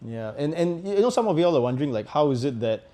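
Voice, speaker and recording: Male co-host, warm dark tone, casual explainer with easy conviction. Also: on the high side, lively intonation, quick pace. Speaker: co-host and practitioner.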